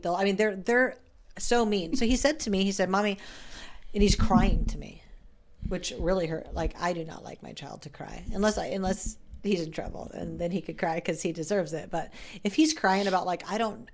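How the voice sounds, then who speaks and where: A middle-aged woman hosts a casual interview podcast in a somewhat low voice. She talks in a candid, chatty way and drops in the odd swear word. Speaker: podcast host.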